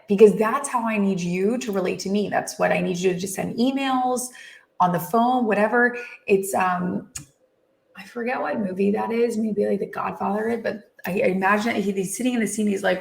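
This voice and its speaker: A woman hosting a casual interview, her voice gravelly with vocal fry. She talks in long, rambling questions that circle back on themselves, and the room around her sounds echoey. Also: mid-range voice, steady tone, normal speed. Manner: chatty, rambling questions with many restarts. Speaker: host.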